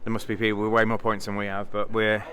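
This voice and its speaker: A man's voice: fairly low pitch, monotone, fast talker, fairly bright tone. A British man chatting casually in a vlog, rambling and thinking aloud with fillers and restarts. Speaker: vlogger, bridge player.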